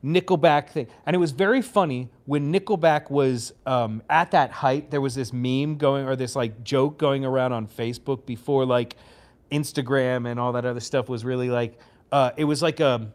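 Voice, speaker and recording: A man's voice: mid-range voice, moderate pace. Casual profane storytelling man. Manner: rambling, profane, animated anecdotes. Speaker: podcast co-host.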